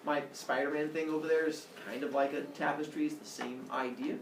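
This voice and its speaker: In an echoey classroom recorded by a distant camera, with background noise, a young teacher tells myths in a playful, animated way full of sound effects and asides. His voice is a little high with fairly even intonation, and he speaks a little fast.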